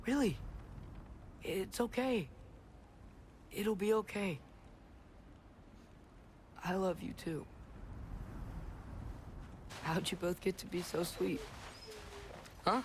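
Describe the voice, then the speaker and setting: A gentle, determined teenage boy from a video game cutscene. He speaks in a slightly raised voice at an unhurried pace. Steady ambient noise sits under the dialogue. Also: a little high, heavily acted. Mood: tender. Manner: soft and tender with animals.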